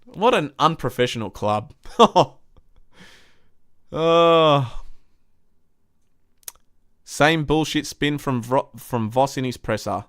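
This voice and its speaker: A man's voice: mid-range voice, expressive, takes it slowly, long pauses, a bit bright, no echo, studio quality. A young man hosting a live stream, reading viewer comments and ranting bluntly with lots of swearing. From Australia. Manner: blunt, swears a lot, frustrated.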